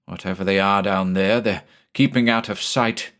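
A man voicing an irritable old ship's captain in a storybook reading, pitching his voice up and speaking in a demanding, exasperated way. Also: fairly even intonation, moderate pace, a bit bright, natural voice. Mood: troubled.

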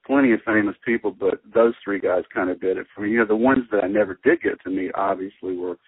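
Man, 60s, lower register, husky; animated anecdote-teller over a phone-like line. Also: quick pace, dry recording. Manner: animated storyteller who laughs often. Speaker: podcast guest, musician. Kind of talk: casual chat.

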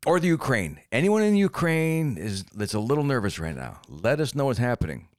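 A man co-hosting a casual comedy podcast, animated and profane, bursting into loud mock-defiant outbursts. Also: medium pitch, brisk. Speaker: podcast co-host.

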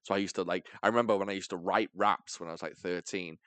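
A man's voice: sits low, steady tone, fast, fairly bright tone, no echo. A man co-hosting a podcast, chatting casually, teasing and swearing freely. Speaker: podcast co-host. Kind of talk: casual banter.

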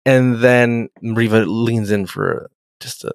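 A man's voice: medium pitch, steady tone, slow pace, gravelly, dry recording, clean studio sound. A young man in casual chat, swearing freely and acting out characters' lines as he retells a show. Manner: profane, laughing, acts out characters' lines. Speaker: podcast co-host. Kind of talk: casual chat recapping a TV episode.

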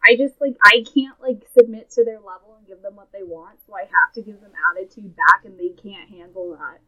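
A young adult woman telling a work story in casual chat, talking fast and filling her sentences with "like.". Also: medium pitch, expressive, pushed and bright, highs cut off. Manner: chatty, fast, many "like" fillers.

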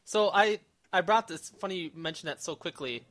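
A man's voice: high voice, normal speed, fairly bright tone. A man who guests on a casual podcast chat, joking and laughing often.

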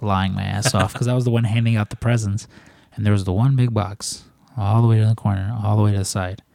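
A man's voice: on the low side, fairly even intonation, quick pace, creaky, warm tone, dry recording. A young man co-hosting a podcast, telling a long story in casual chat and swearing freely as he rambles. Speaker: podcast co-host.

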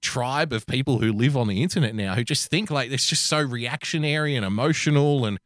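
A man's voice: medium pitch, brisk, fairly bright tone, no room sound, studio quality. An Australian man co-hosting a podcast, swearing a lot and mocking people with crude, laughing banter. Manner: profane, mocking, laughs often, acts out voices. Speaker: podcast co-host.

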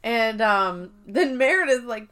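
A woman with a somewhat high voice, speaking a little slowly, co-hosts a podcast and casually recaps an episode. She acts out the characters' lines with lots of energy and swears casually.

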